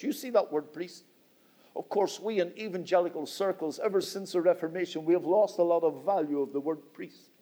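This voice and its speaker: A middle-aged man with a Northern Irish accent preaches an evening church sermon in a notably high voice. His delivery swells and drops in a steady preaching cadence, and he keeps turning to the congregation as "my friend". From Northern Ireland. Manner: rising and falling preaching cadence, repeats "my friend". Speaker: visiting preacher.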